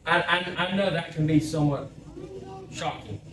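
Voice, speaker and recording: A middle-aged pastor with a slightly high voice and fairly bright tone preaches fervently at a moderate pace, repeating phrases for emphasis in a church sanctuary. There's a little hiss or hum, plus room echo, a distant mic, and faint music.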